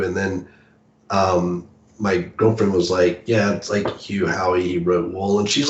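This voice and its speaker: Man, author guest, rambling and self-deprecating, low voice, echoey room, dull audio. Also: a little slow. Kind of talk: casual conversation. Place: home in a city apartment. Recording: roomy, dull video call audio.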